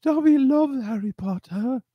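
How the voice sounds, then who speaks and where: A man's voice: extremely high pitch, expressive, measured pace, no echo, muffled recording, voice pushed up, exaggerated voice. A man voicing an eager, devoted little male house-elf who talks about himself in broken third-person grammar. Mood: pleading.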